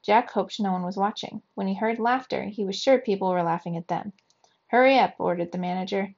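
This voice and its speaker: Brief: woman storybook reader, lively, dull lo-fi sound. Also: mid-range voice, a little fast, creaky. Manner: lively, expressive reading. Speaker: reader for children. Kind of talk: reading a children's book aloud.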